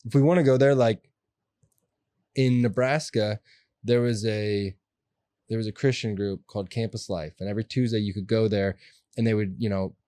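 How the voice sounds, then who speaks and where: A young adult man telling stories as an interview guest, animated and acting out the voices of people in them. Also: fairly low pitch, moderate pace, long pauses, no echo. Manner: animated, acts out quoted voices. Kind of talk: casual storytelling interview.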